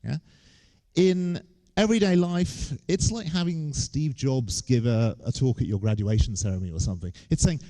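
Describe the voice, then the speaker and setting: A man's voice: mid-range voice, moderate pace, dark tone. A man, giving a humorous lecture on stage with wry, joking asides. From England.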